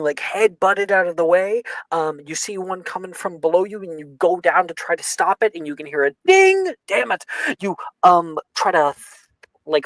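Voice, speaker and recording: A young man running a tabletop game, narrating the action loosely with lots of fillers and shouted sound effects. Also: high-pitched, no echo. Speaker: game master.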